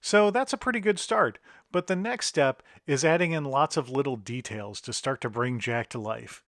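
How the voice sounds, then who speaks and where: A man's voice: medium pitch, moderate pace, a bit bright, no room sound, clean studio sound. A middle-aged man, an author and illustrator, leading a step-by-step drawing tutorial. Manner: step-by-step instructive.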